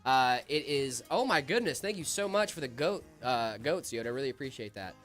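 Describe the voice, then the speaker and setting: Chill dude on a pc build stream, jokey, mid voice, talks into a desk mic. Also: male voice, medium pitch, brisk, faint music behind. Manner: joking, relaxed, answers chat questions. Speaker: tech livestream host. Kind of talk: casual livestream chat.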